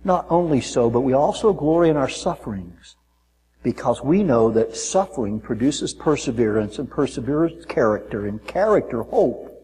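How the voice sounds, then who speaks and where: Animated preacher man in a reverberant hall. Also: moderate pace, a little hiss or hum. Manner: animated storytelling, mimics people in high voices. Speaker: pastor. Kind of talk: sermon. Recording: long reverb of a large hall.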